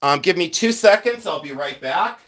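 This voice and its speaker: A man's voice: fairly high pitch, expressive, normal speed, a bit bright. A middle-aged man hosting a casual livestream, chatty and rambling and congested from his sinuses. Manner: chatty, rambling, thanks viewers often. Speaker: livestream host, jewelry collector. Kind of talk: casual live-stream chat.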